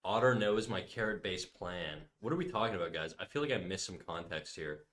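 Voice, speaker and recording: A man's voice: low-pitched, expressive, a little fast, fairly bright tone. A man hosting his own drawing livestream, reading out chat and teasing his guest. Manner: teasing, joking. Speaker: livestream artist host. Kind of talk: casual chat reading chat aloud.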